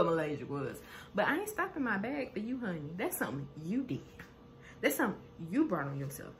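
A woman with a slightly low voice recaps reality TV drama in a loose, gossipy way. She is animated and often slips into impressions of the cast. A faint hiss runs under the recording. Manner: animated, laughs often, acts out quoted lines.

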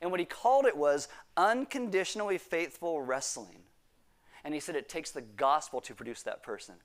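This pastor's sermon mixes scripture readings with acted-out prayers, punctuated by sudden emphatic bursts. He speaks at a moderate pace in a slightly high male voice with lively intonation.

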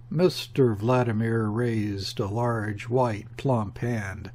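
A male audiobook narrator reads a classic novel in a measured, deliberate way. His pace is very slow and his voice has a husky texture. His pitch sits at an ordinary middle level. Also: a little mellow. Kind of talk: scripted narration.

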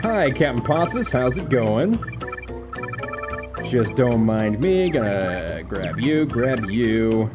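A man's voice: mid-range voice, big pitch swings, slow pace, music in the background. A man casually commenting while streaming a video game. He is laid-back, swears, and laughs at the game.

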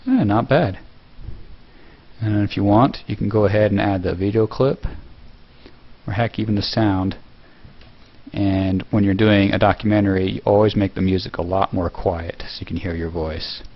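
A man casually talking through a tutorial step by step, relaxed, with fillers and self-corrections. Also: lowish voice, moderate pace, muffled recording. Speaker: video tutorial host. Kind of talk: casual screen-recorded tutorial.

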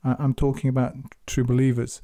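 A man giving measured, earnest spoken commentary on scripture, exhorting his listeners. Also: medium pitch, monotone, mellow, no room sound, clean studio sound. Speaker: Quran commentator.

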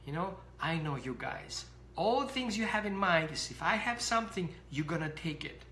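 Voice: mid-range voice, animated, normal speed, bright, forceful tone, slight background noise. A dog trainer voicing a young puppy that guards a sock it found, indignant and cheeky, in an echoey room.

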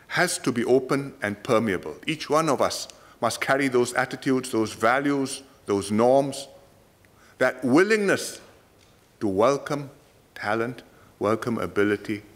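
A man with a Singaporean English accent addresses a parliament chamber in a formal speech. His pitch rises and falls in an animated way. He speaks in measured, emphatic short phrases, leaning on key words. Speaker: politician.

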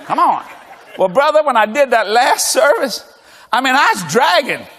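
An older man preaches in a high, swooping voice that jumps all over the place, acting out his stories and laughing through them. His voice rings out with a long echo through a big church hall. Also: sing-song, moderate pace, fairly bright tone, some chatter behind. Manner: storytelling with acted dialogue and frequent laughter. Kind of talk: animated comedic sermon. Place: large church auditorium.

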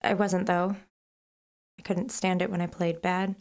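A woman's voice: lowish voice, level tone, unhurried, a little mellow. An actress playing a frightened, reclusive woman being questioned in a radio play, answering hesitantly and evasively.

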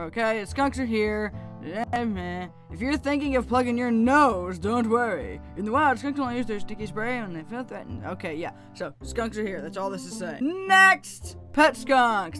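A woman giving casual gameplay commentary, chatty and excitable with frequent laughs, her voice still groggy and lower than usual from just waking up. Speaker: gaming YouTuber.

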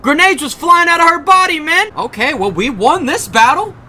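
A man giving excited gameplay commentary, shouting and reacting fast as he plays. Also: very high-pitched, a little hiss or hum. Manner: hyped, shouting at the game, quick reactions. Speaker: gaming YouTuber.

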